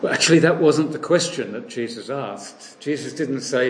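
A man preaching a sermon, retelling a story in a lively way and acting out the voices he quotes. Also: mid-range voice, normal speed, hardly any pauses, reverberant, slight background noise, low-quality recording.

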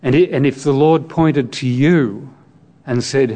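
A man's voice: mid-range voice, measured pace, warm tone. A man preaching a sermon on scripture, reflective and explaining the text, asking his listeners direct questions.

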